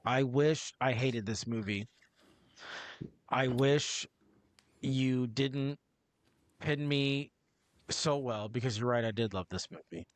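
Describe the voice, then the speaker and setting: Man, podcast co-host, mid-pitch, profane, rambling, dry close sound. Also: slow pace, long pauses, dry recording. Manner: profane, rambling, self-interrupting. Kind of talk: casual movie review chat.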